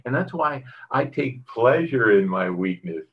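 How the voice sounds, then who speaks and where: A man's voice: medium pitch, very animated, a little slow, slightly rough, muffled recording. A middle-aged man preaching a sermon, reading scripture and telling a personal story in a conversational way with fillers and frequent asides to the congregation. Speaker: pastor.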